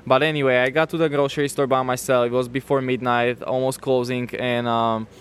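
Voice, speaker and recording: A man with a foreign accent telling a casual story as a guest, halting, with non-native grammar and restarts. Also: medium pitch, flat delivery, clean tone. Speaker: guest telling how he met his partner.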